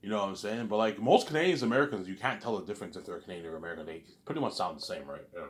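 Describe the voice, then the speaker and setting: Rambling man with a slightly low voice. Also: racing. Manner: rambling, repeats himself and gets sidetracked. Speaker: YouTuber. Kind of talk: casual monologue vlog.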